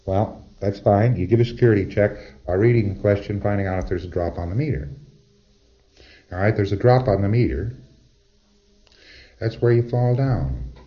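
A man's voice: on the low side, moderate pace, long pauses, highs cut off. A man giving a conversational, wry lecture to trainees, acting out short exchanges as he goes.

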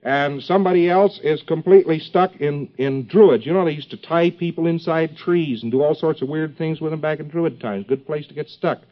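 A man's voice: fairly high pitch, normal speed, few pauses. Rambling male lecturer on dull old tape. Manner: rambling, joking asides, frequent fillers and restarts. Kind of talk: informal recorded lecture to a class.

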